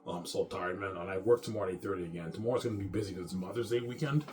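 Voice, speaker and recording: A man in his thirties rants to camera in a bitter, rambling and profane way. He talks very fast in a lowish voice. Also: darkish tone, slight background noise. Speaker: vlogger. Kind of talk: casual rant to camera.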